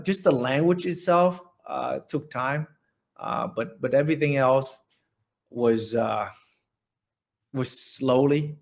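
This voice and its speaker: A man in his forties from central Vietnam with a Vietnamese accent, telling his story in an oral history interview, halting and restarting often. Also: mid-range voice, creaky. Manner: halting, many restarts and repeated words.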